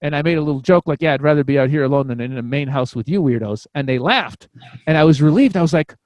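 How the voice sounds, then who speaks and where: A man with a slightly high voice tells a long personal story on a podcast. He rambles, swears casually and keeps stopping to restart his sentences. The recording is close and dry, with no room echo. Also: quick pace, a little mellow. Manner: rambling, profane, frequent restarts. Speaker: podcast guest, comedian.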